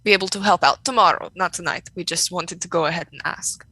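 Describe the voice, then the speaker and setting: Bright-voiced, hesitant woman player. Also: lowish voice, fast talker, husky, no room sound, rough recording. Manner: hesitant, giggly, many fillers. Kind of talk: tabletop role-play.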